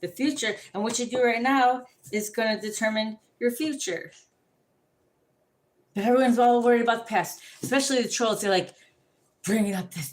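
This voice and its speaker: A woman ranting casually to the camera, profane and rambling, telling animated stories. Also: medium pitch, brisk.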